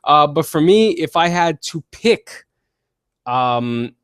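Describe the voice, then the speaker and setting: A man's voice: fairly high pitch, slow pace, clean tone, dry recording, clean studio sound. Blunt, profane man hosting a podcast. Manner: blunt, profane, animated opinions. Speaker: podcast host. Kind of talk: casual wrestling podcast chat.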